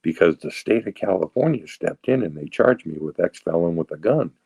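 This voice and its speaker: Gravelly deep-voiced man in his sixties. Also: expressive, a little mellow, no room sound, rough recording. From Boston area, USA. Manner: halting, repeats words, self-deprecating humor. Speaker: guest sharing recovery story. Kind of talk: personal testimony.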